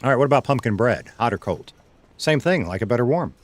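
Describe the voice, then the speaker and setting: A man's voice: mid-range voice, animated, fairly quick, no echo. A man streaming a roleplay game, chatting casually with his chat and reading messages aloud. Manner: chatty, reads chat aloud, laughs easily.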